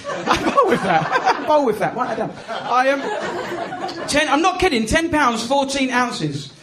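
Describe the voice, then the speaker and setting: In a live club recording full of crowd laughter and ambient noise, a male English comedian in his thirties works the stage. His very high voice is animated yet a little slow as he pokes fun at himself and teases the audience in a chatty set.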